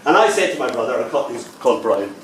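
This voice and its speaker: A man's voice: fast talker, background noise. Older Irish man telling stories in a roomy hall. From Ireland. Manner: animated, jumps into voices with big pitch leaps. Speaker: poet and storyteller. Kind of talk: live storytelling and poetry performance. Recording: roomy sound from a distant mic, faint ambience.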